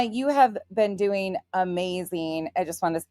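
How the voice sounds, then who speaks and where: Her lowish, slightly mellow voice stays fairly even, moving at a moderate pace with hardly any pauses. A woman in her forties, she hosts a laid-back livestream, welcoming viewers individually by chat name and cursing bluntly and defiantly, in clean studio sound without room ambience.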